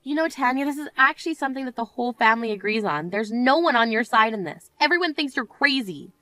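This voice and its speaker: A woman's voice: on the high side, animated, fast, sharp tone, dry recording. A woman playing a firm, self-assured young bride. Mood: cool firm. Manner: indignant, then cool and firm. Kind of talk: amateur voice drama.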